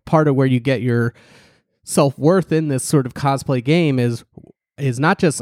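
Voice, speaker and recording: A man co-hosting a casual political podcast, ironic and animated, restarting sentences and mocking the people he quotes. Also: a little slow, no room sound, studio quality. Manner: animated, ironic, restarts and leaps in pitch for emphasis. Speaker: podcast co-host.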